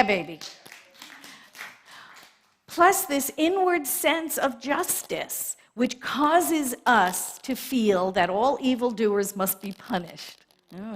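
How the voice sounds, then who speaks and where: Animated woman minister giving a sermon. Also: on the high side. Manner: animated, laughing often, asks the congregation "right?".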